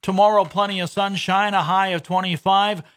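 A man's voice: sits high, steady tone, normal speed, fairly bright tone. A man giving the radio weather forecast in an easygoing way. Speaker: weather presenter.

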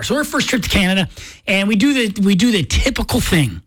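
A woman's voice: medium pitch, big pitch swings, fairly quick, fairly bright tone, dry recording. A woman hosting a morning radio show, telling a story in a chatty, playful way. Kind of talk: casual radio chat. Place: radio studio.

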